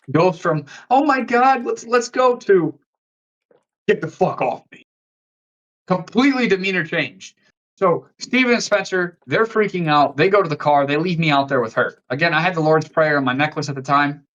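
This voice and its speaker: Young male podcast guest from the Midwest, pitched a touch high; loose, sweary, rambling storyteller. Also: fairly bright tone, muffled recording. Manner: profane and rambling, heavy use of "like". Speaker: podcast guest, fitness coach. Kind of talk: casual storytelling in a podcast interview.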